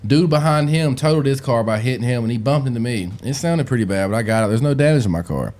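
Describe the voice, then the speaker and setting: A young man with a Southern US country accent, telling a story as a podcast guest in a casual, profane, animated way. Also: mid-range voice, fast. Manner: profane, animated storyteller who rises into shouting in quotes.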